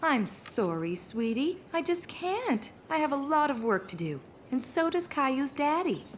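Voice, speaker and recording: Cartoon mom, caring and busy, high and lively,, music behind. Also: female voice, unhurried, a little hiss or hum. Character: busy, caring young mother. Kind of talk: cartoon voice acting. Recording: music underneath.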